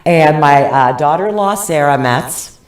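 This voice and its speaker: An older woman gives chatty farewell remarks, laughing and teasing as she goes, her pitch rising and falling widely. She stands a little away from the microphone in an echoey council chamber. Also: expressive, measured pace, distant mic. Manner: chatty, laughing, self-mocking. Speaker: retiring TV reporter.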